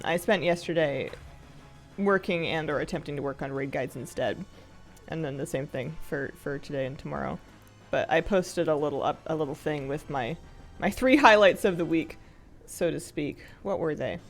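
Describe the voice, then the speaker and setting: Chatty woman streamer, lively low voice. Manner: self-mocking, grumpy, chatty, laughs often. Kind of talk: casual live-stream chat while gaming.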